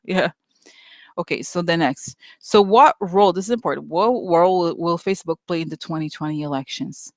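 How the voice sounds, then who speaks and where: A psychic reader giving casual commentary, rambling and animated, with lots of fillers and quoted voices. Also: medium pitch, brisk, dry recording, clean studio sound.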